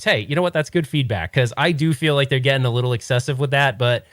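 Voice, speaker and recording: A podcast host talks in a rambling, opinionated, casual way, restarting often. His mid-range voice is a little fast and fairly bright with hardly any pauses. The clean studio sound has no room sound.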